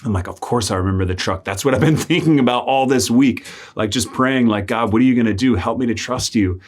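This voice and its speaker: A young man, a friar, speaks at an ordinary middle pitch in a loose, conversational reflection. He peppers his talk with "like" and slips into the voices of the people in his story. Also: a little fast. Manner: conversational, many "like" fillers, acts out quoted voices. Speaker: friar and priest. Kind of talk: spoken reflection with personal story.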